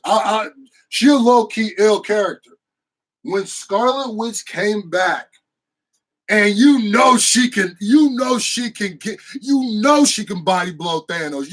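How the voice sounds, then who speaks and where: A man giving an excited, slangy, casual movie review with bursts of shouting and laughter. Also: high-pitched, rough recording.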